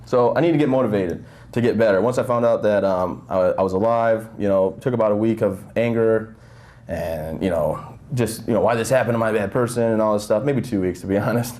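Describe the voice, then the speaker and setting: A young man tells his story to a room of listeners at a rapid clip, his voice sitting on the lower side. He keeps it loose and joking, full of "you know" and "um", with the microphone held close enough to catch his breathing. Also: mellow. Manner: joking, conversational storytelling with many fillers. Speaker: guest speaker. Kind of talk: motivational talk to an audience. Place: breakfast event hall. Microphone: handheld mic held close, audible nose breathing.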